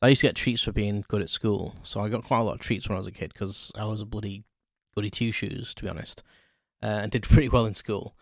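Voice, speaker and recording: A man's voice: fairly low pitch, steady tone, quick pace, vocal fry, few pauses, no echo, studio quality. A man hosting a solo podcast, telling childhood stories in a rambling, self-correcting way with chuckles. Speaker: podcast host. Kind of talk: casual solo storytelling.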